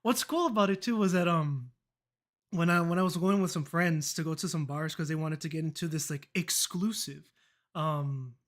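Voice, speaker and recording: Young adult streamer, mid-pitched voice, loose chatty storyteller who swears and laughs along, acts out every quoted line. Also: moderate pace. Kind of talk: casual storytelling chat.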